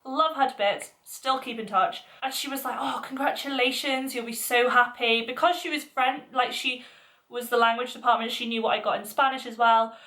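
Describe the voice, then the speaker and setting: A woman's voice: fairly high pitch, fairly quick, pushed and bright. A young woman vlogger chatting through a personal story in a casual, filler-heavy, emotional way. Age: young adult.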